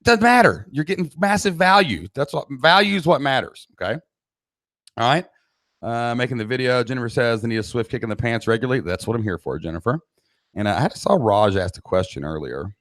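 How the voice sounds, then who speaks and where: A man's voice: mid-range voice, fairly quick, dry recording, studio quality. A middle-aged man with a Southern American accent, coaching an online business class on a live stream, blunt and pushy, reading out chat questions and urging his viewers to get moving. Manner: blunt, pushy, energetic pep talk. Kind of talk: live-streamed training session. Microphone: cheap desk mic at laptop.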